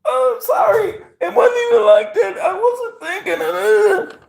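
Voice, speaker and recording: A man mocking a pleading, apologetic girlfriend in a high squealing voice. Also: sing-song, measured pace, gravelly, exaggerated voice. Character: whiny apologetic woman, mocked girlfriend. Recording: roomy echo.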